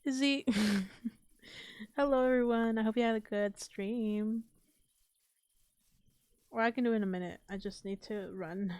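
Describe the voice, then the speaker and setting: A woman streaming a block-building game late at night, chatting casually and swearing while keeping her slightly high voice down. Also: steady tone, unhurried, pauses often, darkish tone, clean tone, no room sound. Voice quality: slightly high, a little strange voice. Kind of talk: casual live-stream gameplay chat.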